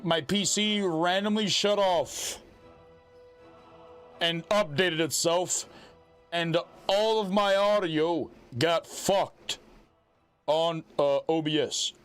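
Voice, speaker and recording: A man live-streaming to his chat, talking in a slightly high voice with loud, animated energy and bursts of shouting. Faint music plays softly behind him. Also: extremely slow, pauses often, smooth.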